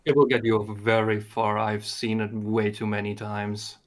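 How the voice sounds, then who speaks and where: A man's voice: lowish voice, level tone, unhurried. A man co-hosting a live stream, reading out viewer questions in a hesitant, stammering way. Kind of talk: casual live-stream chat.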